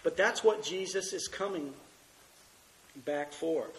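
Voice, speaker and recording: A man's voice: fairly high pitch, takes it slowly, low-quality recording. Male pastor preaching through a cold. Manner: earnest, reads scripture aloud. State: has a cold, coughing. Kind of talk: sermon teaching.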